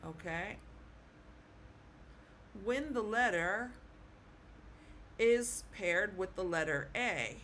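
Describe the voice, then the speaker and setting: Slow, patient woman teaching pronunciation. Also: mid-range voice, expressive, a bit bright, a little hiss or hum. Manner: repeats words slowly, checks in with "okay?". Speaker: Spanish teacher. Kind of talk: slow, patient classroom explanation.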